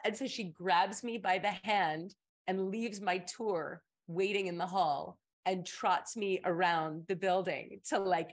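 Woman, middle-aged, stream host, casual storytelling, animated, jumps to high voices for quotes. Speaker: advice stream host, voice actor.

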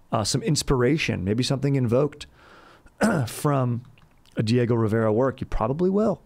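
A young man hosting a comedic history podcast in a loose, rowdy, jokey way with sudden shouted bursts. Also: mid-range voice, creaky. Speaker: podcast host.

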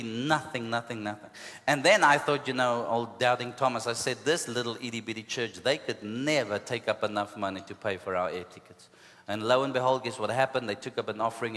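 South African pastor preaching in a reverberant hall. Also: male voice, medium pitch. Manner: animated, punctuated with hallelujahs and asides. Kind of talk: storytelling sermon.

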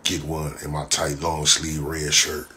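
A low-pitched man, talking in a loose, profane live-stream ramble. His voice is forceful and mocks freely, with a faint hiss behind it. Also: little pitch movement, unhurried. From Los Angeles. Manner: profane, mocking, rambling storyteller. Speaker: livestreamer. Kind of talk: casual live-stream chat.

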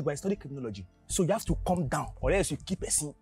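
A man with a Nigerian accent playing a self-important security guard in a comedy skit, loud and repeating commands. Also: on the high side, animated, fast, few pauses, slightly rough, soft background music. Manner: loud, pompous, repeats himself, shouting commands.

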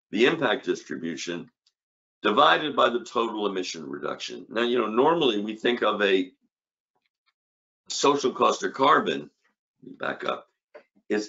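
A man's voice: on the low side, creaky, sharp tone, dull audio. An older man giving an academic conference lecture on economics, emphatic, with rhetorical questions and punchy repeated short phrases.

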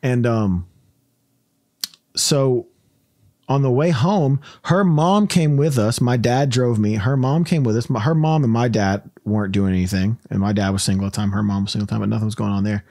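A man from Tennessee hosting a podcast, telling a rambling, animated story and laughing often. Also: medium pitch, moderate pace, dry recording, studio quality. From Tennessee, USA. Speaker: podcast host. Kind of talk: casual storytelling chat.

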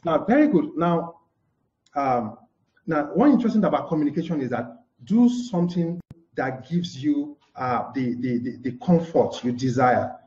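A man's voice: on the high side, animated, normal speed, dark tone. A man teaching a live-streamed lesson, who keeps saying "okay" and answers his own questions. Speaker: communication trainer. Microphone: live broadcast mic. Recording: dull echoey room.

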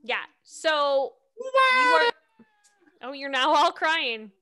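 Bright, unhurried woman game master. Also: sits high, sing-song, slight background noise. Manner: playful, amused. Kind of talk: narrating a tabletop game.

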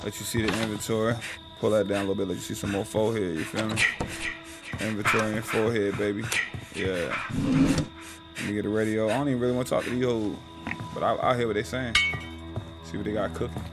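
A man, giving loud, playful trash-talking commentary over his gameplay, with sudden excited cries. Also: fairly low pitch, fast, long pauses, loud music behind the voice, low-quality recording. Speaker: gaming streamer.

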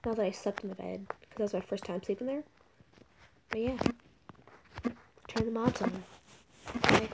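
A woman's voice: fairly high pitch, moderate pace, vocal fry, pauses often. A young woman casually narrating her gameplay, rambling and a little awkward, often dropping to a whisper. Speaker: game vlogger. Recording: noisy home recording.

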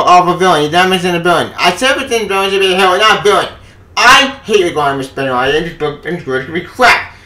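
A man giving a furious, profane rant on a comics news vlog, often shouting. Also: high-pitched. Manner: angry, profane ranting with frequent shouting. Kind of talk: ranting opinion vlog. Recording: echoey room, voice off-mic.

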